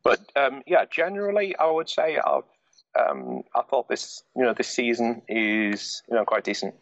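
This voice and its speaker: A man in relaxed podcast chat, his pitch jumping about lively as he rambles through loose, filler-heavy sentences. The audio is dull and lo-fi, and very dry with no room sound at all. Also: moderate pace, dry recording. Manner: rambling, many "you know" fillers. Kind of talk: casual chat.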